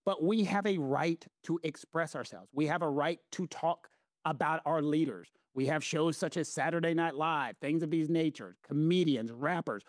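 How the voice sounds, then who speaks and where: A man's voice: a little high, normal speed, dry recording. A man with a Southern US accent, co-hosting a talk show and explaining legal points in an emphatic, lecturing way. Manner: emphatic, lecturing, repeats phrases for stress. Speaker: legal commentator co-host. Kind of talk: casual explanatory chat.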